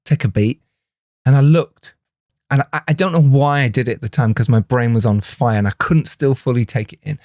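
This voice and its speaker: A man, a film director co-hosting a podcast, telling stories in animated casual chat and laughing often. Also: mid-range voice, fairly quick, dry recording, clean studio sound. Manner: animated storyteller, laughs often, restarts phrases.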